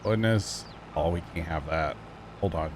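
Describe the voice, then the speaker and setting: Chatty male streamer with quick exclamations. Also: a bass voice, background noise. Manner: chatty, thanks viewers, quick exclamations and laughs. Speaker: livestreamer. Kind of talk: casual gaming livestream chat.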